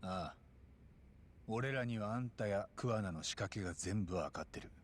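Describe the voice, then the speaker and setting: An actor playing a blunt, gruff young male private detective in a video game. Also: on the low side, fast talker, close to an everyday voice. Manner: blunt, rough-edged speech. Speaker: game character.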